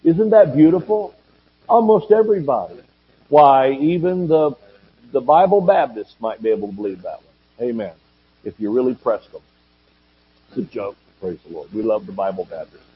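A husky-voiced man preaches a sermon, asking question after question and throwing in jokes and calls of amen. The audio is dull and lo-fi. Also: fairly low pitch, normal speed. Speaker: pastor.

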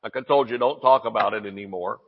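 A man preaching a sermon, excitable, jumping between quiet asides and shouted declarations. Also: fairly low pitch, fast talker, husky. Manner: excitable, shouts at peaks, jokes and laughs with the congregation. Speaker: pastor. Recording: dull, echoey church recording.

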